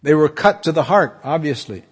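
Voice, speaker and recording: A man preaching a sermon as pastor, fervent and emotional, with his voice climbing high at moments of feeling. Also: expressive, normal speed, slightly rough.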